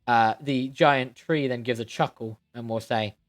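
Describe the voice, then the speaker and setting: A man's voice: mid-range voice, fairly even intonation, measured pace, soft background music. A man acting as game master, describing scenes at length and searching for words. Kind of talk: narrating a tabletop game.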